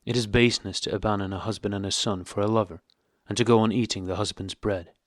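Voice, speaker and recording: A stiff, cold husband, voiced by a male audiobook reader, squeaky and clipped, pressing each word with cold anger. The voice sits fairly low and the recording is dry and close. The lines land with chilly, deliberate emphasis. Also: fairly even intonation, dry recording, lightly acted. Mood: angry. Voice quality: squeaky, higher than usual. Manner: angry, clipped, coldly emphatic. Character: stiff, cold middle-aged husband, furious. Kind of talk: audiobook character reading.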